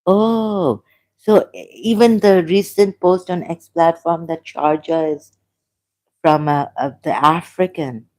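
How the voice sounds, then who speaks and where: A woman from Pakistan hosting a livestream, reading viewer comments and reacting with halting speech, many fillers and restarts, and shocked exclamations. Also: lowish voice, darkish tone. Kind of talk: casual livestream talk.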